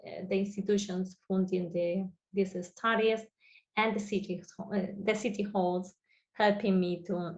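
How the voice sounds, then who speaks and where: A woman from Spain, presenting a research lecture over a video call in halting, full of fillers. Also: medium pitch, vocal fry, lo-fi sound. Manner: halting non-native phrasing with many fillers. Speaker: guest researcher.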